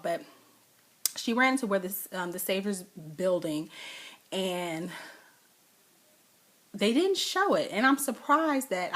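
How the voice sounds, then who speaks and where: A woman recaps a TV episode in a loose, chatty way. Her voice sits slightly low for a woman, and she rambles, trailing into fillers and asides as she goes. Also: a bit bright. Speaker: TV show recapper.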